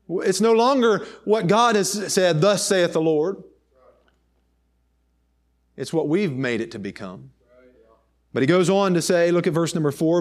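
High-voiced preaching man. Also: very animated, moderate pace. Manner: emphatic preaching, reading old scripture aloud. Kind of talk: sermon.

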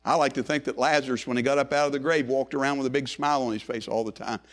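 A man preaches a sermon, swinging between loud rising calls and hushed low phrases while repeating lines in a building cadence. His tone is steady and his pace quick.

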